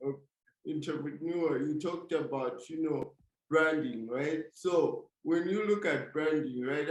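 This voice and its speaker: A man interviewing a guest, asking questions hesitantly with many fillers. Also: fairly high pitch. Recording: echoey room.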